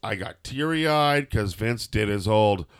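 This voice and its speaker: A man's voice: on the low side, expressive, slow pace, clean tone. A man co-hosting a podcast, giving a rambling, jokey wrestling recap in casual chat. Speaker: podcast co-host.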